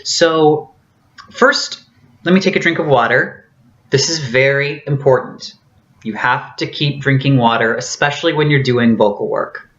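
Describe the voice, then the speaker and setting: A woman's voice: very deep voice, unhurried, highs cut off. A woman vlogger giving an earnest, casual tutorial with a theatrically trained voice and many fillers.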